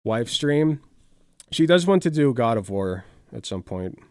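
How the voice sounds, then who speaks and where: A man's voice: medium pitch, sing-song, unhurried, smooth, no echo, studio quality. A man chatting casually on a live stream, rambling and swearing with many filler words while reacting to videos.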